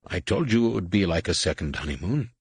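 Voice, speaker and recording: A man voicing a wisecracking middle-aged pilot in an audiobook, dry and gruff. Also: deep voice, expressive, fairly quick, dry recording, heavily acted. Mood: wry.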